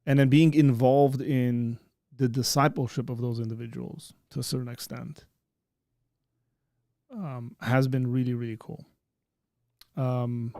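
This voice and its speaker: A man's voice: medium pitch, darkish tone, dry recording. Rambling man hosting a livestream, dry sound. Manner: rambling, many fillers and restarts. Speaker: host. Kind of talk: casual livestream chat.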